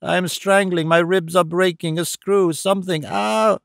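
A man's voice: high voice, steady tone, normal speed, creaky, a bit bright, no echo, studio quality, voice pushed up. A man reading the part of an old carter crushed under a cart, crying out in a strained, gasping voice. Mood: anguished.

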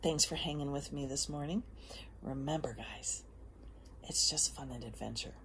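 A woman hosting a casual motivational monologue, emphatic, often dropping into soft whispers before rising again. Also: very deep voice, normal speed, heavy background noise. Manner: emphatic, drifts between soft whispers and bursts. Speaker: host. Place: outdoors.

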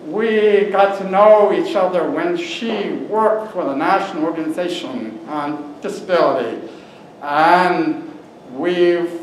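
Slow earnest man in an echoey hall. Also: sits high. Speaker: keynote speaker. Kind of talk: conference speech. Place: large conference room. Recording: very echoey room, some noise.

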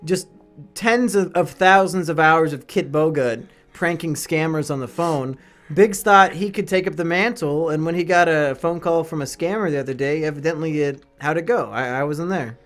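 High-voiced man teasing and swearing. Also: normal speed, a bit bright, faint music behind. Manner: teasing, crude, swears often. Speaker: podcast co-host. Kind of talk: casual banter.

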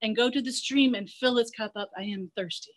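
A woman's voice: on the high side, a little fast, lightly acted. A woman voicing the Greek god Apollo, a thirsty male god politely asking for water, in a story told to children.

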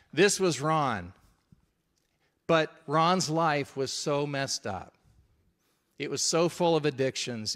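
Middle-aged male preacher, storytelling sermon, conversational, slightly high voice. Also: fairly bright tone. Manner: conversational, checks in with the audience.

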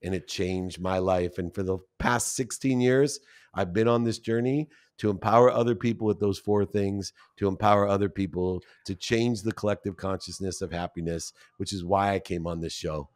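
A man's voice: deep voice, moderate pace, darkish tone. A man in his fifties, a podcast guest, telling a personal story with feeling and acting out the people he quotes. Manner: emotional, acts out quoted voices.

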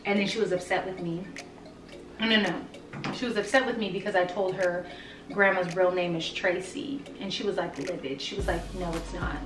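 A woman's voice: lowish voice, steady tone, normal speed, recorded from a distance. A woman, a mother and vlogger, chatting casually and playfully with her young daughter, saying "like" a lot. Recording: roomy sound from off the mic, music playing.

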